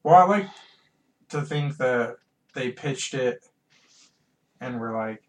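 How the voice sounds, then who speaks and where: A man's voice: mid-range voice, animated, measured pace, long pauses, recorded from a distance. A man co-hosting a casual podcast, blunt and profane, griping sarcastically. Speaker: podcast co-host.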